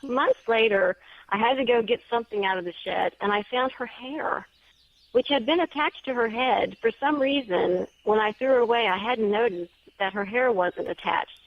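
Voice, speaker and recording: A woman guest author telling a story in a casual, animated way during an interview, often acting out what others said. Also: fairly high pitch, moderate pace. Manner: chatty, animated storyteller with quoted voices. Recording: dull, lo-fi audio.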